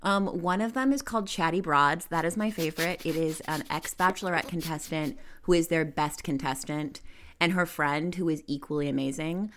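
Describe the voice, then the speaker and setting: Low-voiced chatty woman. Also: moderate pace. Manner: enthusiastic, many "like" fillers. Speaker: podcast guest. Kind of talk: casual chat.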